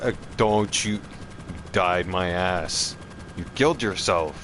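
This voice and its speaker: Streamer, male, low voice, profane taunting gamer talk, game gunfire clearly behind. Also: slow pace, a bit bright, slight background noise. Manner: trash-talking, profane, taunting. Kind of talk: gameplay commentary.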